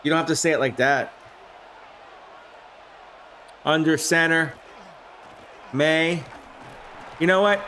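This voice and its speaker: A man's voice: fairly high pitch, unhurried, pushed and bright, a little hiss or hum. A man streaming play-by-play of a simulated game, jumping up on big plays and chatting loosely with viewers. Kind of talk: live-stream play-by-play with chat replies.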